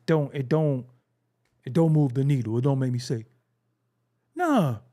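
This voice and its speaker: A man's voice: medium pitch, a little slow, mellow. A middle-aged man hosting his own show, ranting bluntly and profanely in a streetwise way and mimicking other people's phrases to mock them. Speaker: show host. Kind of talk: casual commentary rant.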